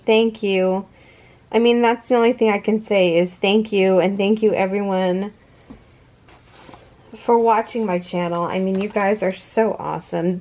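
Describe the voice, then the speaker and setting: A woman in her thirties talks through a casual unboxing vlog, slowly and with plenty of pauses. She gushes with thanks, sounds moved almost to tears, and keeps stopping partway through a sentence to begin it again. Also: medium pitch, a little mellow. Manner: emotional, gushing, effusive thanks; halting, restarts often. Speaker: crochet channel host.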